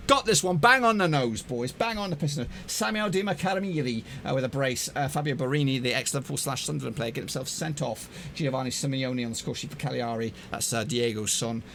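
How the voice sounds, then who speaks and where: A man hosting a football prediction channel, chatting casually in an energetic, jokey, rambling way with lots of fillers. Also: on the high side, slight background noise. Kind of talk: casual chat to camera.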